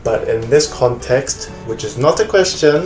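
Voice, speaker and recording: A man teaching a recorded language lesson, explaining phrases and slowly repeating words with care. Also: mid-range voice, expressive. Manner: slow, careful repetition of words. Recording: echoey room with faint music.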